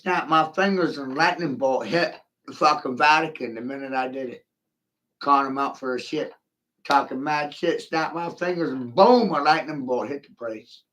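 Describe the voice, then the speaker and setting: A man's voice: on the high side, sharp tone, low-quality recording. A middle-aged man ranting profanely in a rambling livestream monologue, speaking straight to a viewer.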